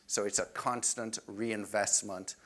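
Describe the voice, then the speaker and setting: A man's voice: lowish voice, fairly even intonation, measured pace, fairly bright tone. A man presenting club finances to members in a conversational way, often saying "if you will".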